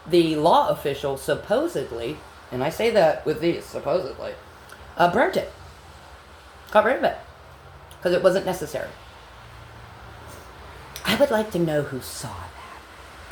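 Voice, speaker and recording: A woman telling an angry personal story in a blunt, profane vlog monologue that sometimes drops to a low whisper. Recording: echoey room with faint background hum.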